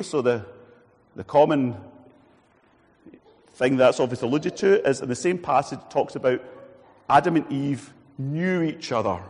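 Animated preacher with gravelly voice. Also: male voice, medium pitch, in a large hall. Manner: animated, acts out quoted voices. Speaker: pastor. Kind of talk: sermon.

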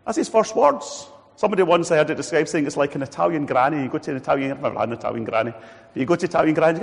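A man preaching a sermon in a church hall, animated and acting out quoted voices. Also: on the high side, very fast, gravelly, slightly rough. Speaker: pastor.

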